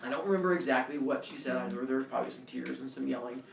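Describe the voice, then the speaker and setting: A male teacher telling a personal story to his class in a lively way, acting out scenes with shouts and voices. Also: medium pitch, rapid-fire, creaky, slight background noise. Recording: echoey room, mic far off.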